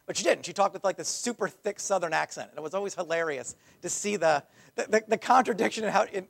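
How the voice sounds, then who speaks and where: A man's voice: high voice, quick pace, vocal fry. A man in the role of pastor, preaching a conversational sermon with frequent restarts and asides.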